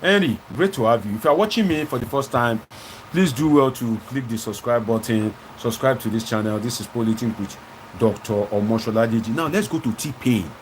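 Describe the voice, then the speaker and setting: A Nigerian man with a Nigerian English accent hosts a live-stream, reading viewer comments in a lively way and slipping into Pidgin phrases. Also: mid-range voice, fairly quick, a little hiss or hum. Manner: animated, switching into Pidgin phrases. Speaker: host.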